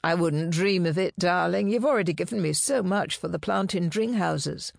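A woman reading an audiobook, voicing a man, a fiancé who talks earnestly and turns shrill and snappish when challenged. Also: normal speed, creaky, no room sound, studio quality. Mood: earnest, indignant. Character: pompous, indignant fiancé, a man.

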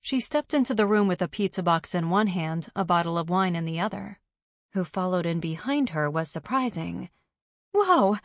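A woman reading a first-person audiobook in a measured, even way. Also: fairly low pitch, no room sound, clean studio sound.

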